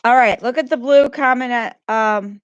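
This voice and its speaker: A woman's voice: fairly high pitch, moderate pace, no room sound, muffled recording. A woman teacher giving a grammar lesson to children, patiently repeating questions and praising answers.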